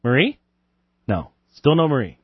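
A man's voice: medium pitch, big pitch swings, normal speed, husky, no room sound. Man, call-in show host, chatty, chuckling, Bible questions, dry close sound, dull muffled audio. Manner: chatty, chuckling, loose asides.

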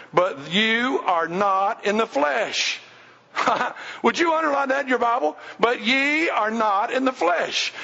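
A man's voice: very high-pitched, vocal fry, pushed and bright, breathy edge. A male pastor preaching a sermon in a church, emphatic and repetitive, calling on the congregation to respond. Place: church sanctuary. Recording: dull sound with long hall reverb.

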